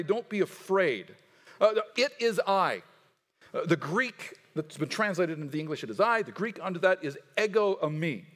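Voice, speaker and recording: A man preaches a sermon with a high, very lively voice that leaps up and down. He stumbles and restarts often and acts out the voices he quotes, and his words ring out with a long hall reverb behind them. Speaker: pastor.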